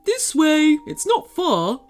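A woman's voice: high voice, huge pitch swings, slow pace, darkish tone, soft background music, voice pushed up, heavily acted. A woman voicing a jolly brachiosaurus alien. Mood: cheerful. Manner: cheerful, chuckling, welcoming. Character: friendly giant male brachiosaurus in spacesuit.

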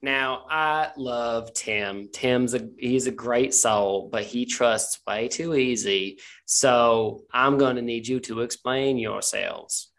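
A man's voice: medium pitch, slow pace, few pauses, a bit bright. A man voicing a wary female gang lieutenant who talks sweetly with a threat underneath. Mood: stern. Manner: sugary, then menacing.

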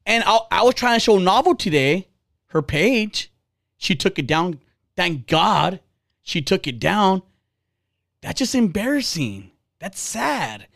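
A man in his forties holds forth on his podcast in a blunt, profane rant. His pitch swings widely as he heats up. He talks casually and heatedly, straight at his co-hosts. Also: sing-song, slow pace, gravelly, a bit bright. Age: 40s. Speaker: podcast host. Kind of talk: casual ranting podcast talk.

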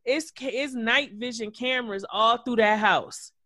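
A man co-hosting a podcast, recapping reality TV in an animated, gossipy way with plenty of cursing. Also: very high-pitched, a little slow, no echo, clean studio sound. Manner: animated, gossipy, profane storytelling. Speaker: podcast co-host. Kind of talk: casual reality-TV recap chat.

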